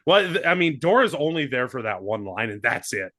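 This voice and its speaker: Lively man joking on a podcast. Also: brisk, no room sound, studio quality. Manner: animated storytelling, jumps into goofy high put-on voices, laughs often. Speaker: podcast co-host. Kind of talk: casual comedic chat.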